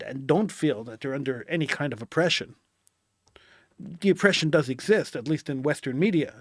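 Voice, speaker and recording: A man's voice: a little high, dry recording, studio quality. A man giving an impassioned solo political commentary, indignant and sarcastic, repeating phrases for emphasis.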